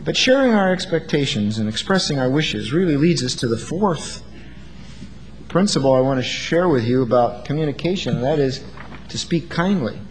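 A man's voice: on the high side, animated, moderate pace, big-room sound, slight background noise, rough recording. A man preaching an earnest sermon, acting out quoted lines as he goes.

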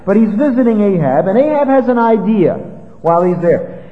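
A man preaching an expository sermon, retelling a Bible story in a conversational, animated way. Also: sits high, normal speed. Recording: dull lo-fi with long reverb.

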